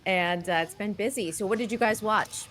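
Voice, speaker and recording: A woman co-hosting a casual chat, an animated storyteller who fills her talk with "like". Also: medium pitch, normal speed. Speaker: co-host.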